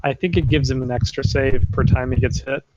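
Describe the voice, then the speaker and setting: A man's voice: medium pitch, steady tone, a little fast. A man playing in a tabletop game, cheerful and upbeat. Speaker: player. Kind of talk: casual tabletop play. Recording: dull lo-fi mic with clear background noise.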